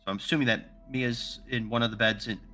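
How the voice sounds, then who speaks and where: Bright-voiced man rambling as a player. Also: mid-range voice, steady tone, fairly quick. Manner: rambling, self-correcting, playful. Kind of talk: tabletop role-play chat.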